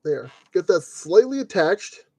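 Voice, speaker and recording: A man with a mellow, darker tone keeps up a running commentary while he streams a model kit build. He grumbles at fiddly parts and jokes to himself as he works, in the loose way of a live stream. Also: high-pitched, big pitch swings, unhurried, breathy edge, dry recording. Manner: grumbling, joking self-talk while working.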